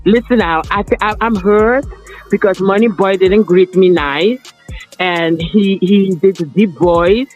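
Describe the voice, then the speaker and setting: A man's voice: high-pitched, a little slow, soft background music. A man calling in to a livestream over cheap earbuds from outdoors, playfully acting hurt. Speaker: caller. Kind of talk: casual livestream banter.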